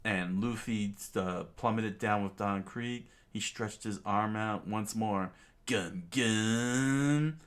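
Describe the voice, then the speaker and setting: Low, unhurried man reading a comic aloud. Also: steady tone, fairly bright tone. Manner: halting, frequent restarts and fillers. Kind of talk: casual comic read-along.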